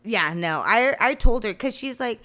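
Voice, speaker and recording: A woman telling profane, animated stories in casual chat. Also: a little high, moderate pace. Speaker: guest.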